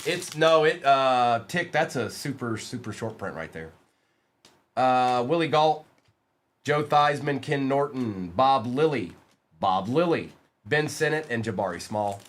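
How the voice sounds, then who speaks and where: Casting: male card-break streamer, lively pitch swings, quick excitable banter with chat. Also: a little hiss or hum.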